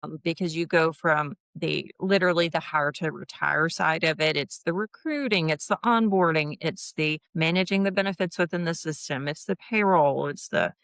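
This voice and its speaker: A woman's voice: low-pitched, normal speed, gravelly, few pauses, a bit bright, no room sound, studio quality. A woman in her fifties, a guest in a casual interview, chatting about her HR consulting work and acting out quoted dialogue with laughs. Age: 50s.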